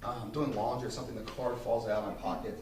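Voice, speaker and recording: A man's voice: medium pitch, little pitch movement, fast talker. A man giving a motivational speech to an audience, telling stories in a blunt, profane and emphatic way. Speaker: invited speaker. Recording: roomy sound from a distant mic, faint noise.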